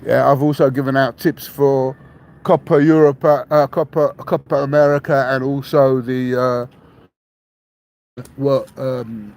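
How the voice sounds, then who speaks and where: A London-raised Englishman hosts a rambling podcast monologue, blunt and defiant, swearing, repeating himself and tagging statements with "yeah?". His medium-pitched voice is creaky and a little mellow, with fairly even intonation and a measured pace. The audio is poor, with slight background noise.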